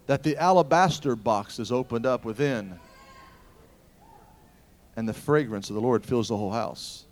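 A man preaching a sermon, telling stories in an animated way that swings from loud exclamations to hushed asides. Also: medium pitch, normal speed.

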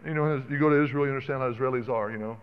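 A man preaching a sermon in an animated, conversational way, calling out to the congregation. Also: mid-range voice, rapid-fire, clear, resonant tone. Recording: dull sound with long reverb in a hall.

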